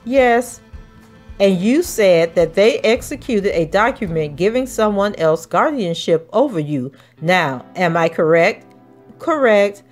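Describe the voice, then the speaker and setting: A woman podcast host reading a trial transcript aloud, voicing the questioning in a measured, even way. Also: lowish voice, soft background music.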